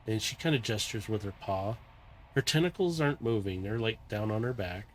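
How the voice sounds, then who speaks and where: A man running a tabletop game as game master, narrating a dream scene in a calm, meandering, descriptive way. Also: lowish voice, fairly quick, slight background noise.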